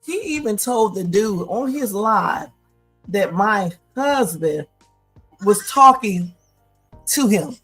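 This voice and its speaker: A woman hosting a live stream, telling a story in an animated, chatty way, often breaking into laughter. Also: medium pitch, slow, long pauses, soft background music. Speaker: livestream host.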